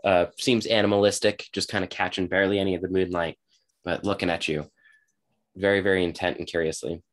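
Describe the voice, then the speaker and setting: A man narrating as game master, relaxed and halting with many fillers. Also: sits low.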